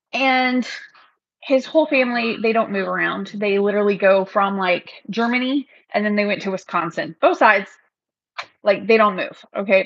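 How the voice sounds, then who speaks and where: A woman's voice: medium pitch, dry recording, lo-fi sound. A woman chatting casually on a livestream, rambling from one thing to the next and laughing often. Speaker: realtor hosting a livestream.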